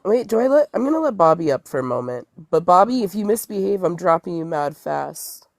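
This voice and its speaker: A woman's voice: lowish voice, sing-song, fairly quick. A woman co-hosting a live stream, playfully teasing the others. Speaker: livestream co-host. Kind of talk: casual group chat on a live stream.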